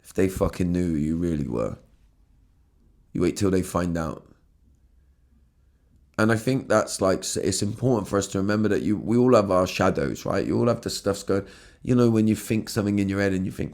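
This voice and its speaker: Low-voiced emotional man. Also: moderate pace, creaky, darkish tone. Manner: earnest, repeats and restarts words, swears casually. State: emotional, has been crying. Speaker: podcast host. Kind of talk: emotional solo podcast monologue.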